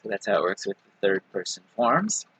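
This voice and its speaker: Patient, bright-voiced male language teacher. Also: on the low side, sing-song, slightly rough, dry recording, poor audio. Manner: patient, repeats example words slowly with many "right?" and "okay". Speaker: Hebrew teacher. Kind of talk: recorded language lesson.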